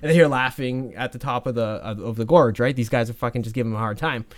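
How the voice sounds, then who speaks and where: A man's voice: mid-range voice, quick pace. A man telling a story in a casual, rambling way, full of fillers and restarts, and swearing freely.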